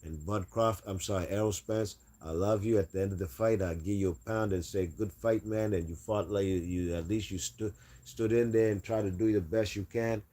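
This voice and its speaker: A man's voice: on the low side, fairly even intonation, normal speed, dark tone. A man hosting a casual boxing livestream, reading chat aloud and talking trash.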